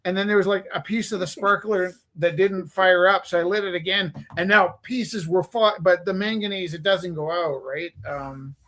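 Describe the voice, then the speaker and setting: Earnest high-voiced man telling stories. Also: fairly even intonation, moderate pace, few pauses, fairly bright tone. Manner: earnest storytelling, acts out quoted lines. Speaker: host. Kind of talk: casual chat.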